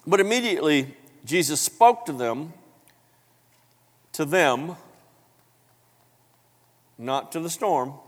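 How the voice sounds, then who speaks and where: A man preaching a sermon, telling the story with animated acted-out voices and big jumps in pitch, coughing now and then. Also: takes it slowly, pauses often. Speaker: pastor. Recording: long hall reverb.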